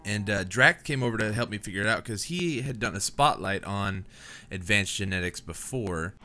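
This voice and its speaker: Young dude narrating his game, kinda low but bright and edgy voice, laid back, keeps saying man. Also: animated, normal speed. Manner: rambling, easygoing, says "man" and "dude" a lot. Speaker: gaming channel host. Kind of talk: casual let's play commentary.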